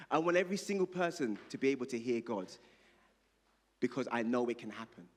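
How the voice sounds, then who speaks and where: A man's voice: mid-range voice, moderate pace. A male pastor preaching a sermon, leading the congregation in call and response and reading scripture aloud. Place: church hall. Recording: reverberant church hall.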